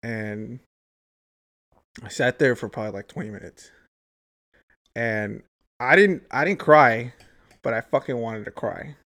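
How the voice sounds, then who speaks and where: A young adult male wanders through a long anecdote in casual talk, full of swearing and heavy on "like" and "dude." The mid-range voice has a bit of brightness, moving at a measured clip with long pauses.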